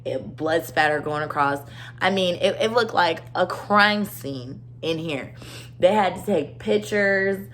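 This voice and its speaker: A young woman with a fairly low voice speaks at home, recounting a personal story in a rambling, earnest monologue. She leans heavily on "like" and restarts as she goes. A faint hum sits under her voice. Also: a little slow, fairly bright tone. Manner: rambling, earnest, heavy use of "like". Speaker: vlogger.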